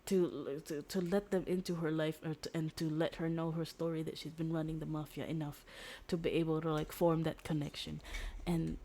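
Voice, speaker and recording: A woman's voice: low-pitched, flat delivery, normal speed, mellow. A young woman streamer casually retelling a story, rambling with fillers and restarts and swearing freely.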